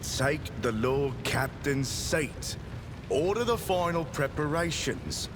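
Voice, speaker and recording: A man's voice: on the high side, expressive, slow pace, background noise. An actor voicing a pale, white-haired old ship's helmsman, anxious and pious, with an overdone put-on British accent that stresses each word. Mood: urgent. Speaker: video game voice actor. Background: game music.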